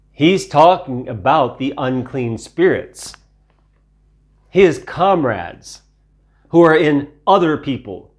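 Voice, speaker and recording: Slow, deliberate male Bible teacher. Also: medium pitch. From Ukraine. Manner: deliberate, repeats phrases for emphasis, rhetorical questions. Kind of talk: sermon-style Bible teaching.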